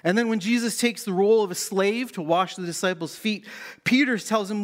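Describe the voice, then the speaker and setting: A man's voice: sits high, a little fast. A middle-aged man from Canada preaching a sermon as pastor, playful and self-mocking as he tells the story.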